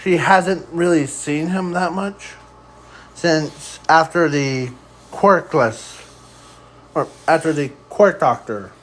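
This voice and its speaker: A man improvising a fan story aloud in a rambling, halting way, often trailing off. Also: a little high, rough recording.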